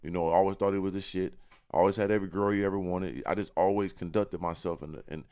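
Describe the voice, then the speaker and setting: A man's voice: low voice, fairly even intonation, fast, mellow, clean tone. A young man, a rapper guest on a podcast, talking about himself with boastful confidence and street slang. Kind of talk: casual interview talk.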